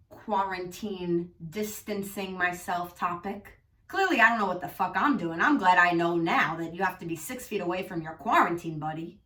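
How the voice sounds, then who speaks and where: A woman's voice: lowish voice, bright, forceful tone, echoey room, recorded from a distance. A woman with an exaggerated Long Island accent, telling a comic story in a profane, exasperated, goofy way. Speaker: comedian. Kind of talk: comedic storytelling monologue.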